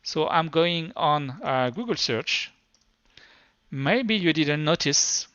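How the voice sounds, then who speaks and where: A man's voice: on the high side, expressive, takes it slowly, a bit bright, no echo, dull audio. A man with a thick French accent, his first language French, giving a live technical presentation in a hesitant, stop-start way. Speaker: tech conference speaker.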